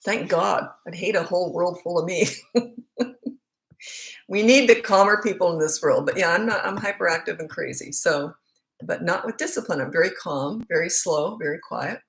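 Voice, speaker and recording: A middle-aged woman with a slightly low voice, talking to parents in a loose, chatty Q&A. She is frank and animated and laughs easily. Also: moderate pace, gravelly, roomy sound. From Canada. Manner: lively, candid, laughs often. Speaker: parenting coach. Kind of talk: casual livestream Q&A.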